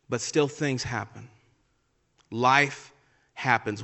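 A man preaching a sermon as a pastor, swinging from loud, emphatic lines to quiet, near-whispered ones. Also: mid-range voice, slow. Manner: lively preaching with dramatic swings from loud to soft. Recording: long hall reverb.

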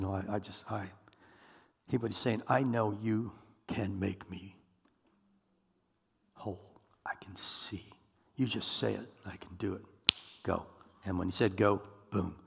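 A man's voice: on the low side, creaky, a little mellow, slightly rough. A man preaching a sermon, retelling a story and acting out its voices, often asking his listeners questions. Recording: long hall reverb.

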